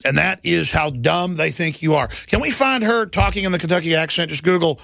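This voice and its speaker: A man hosting a political talk show, ranting sarcastically in rapid bursts. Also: fairly high pitch, vocal fry, fairly bright tone, dry recording. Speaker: talk radio host.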